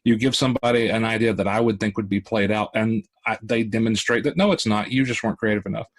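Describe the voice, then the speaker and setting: A man's voice: on the low side, fairly even intonation, fast. A rambling man thinking aloud on a panel. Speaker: author on a panel. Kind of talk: casual panel discussion.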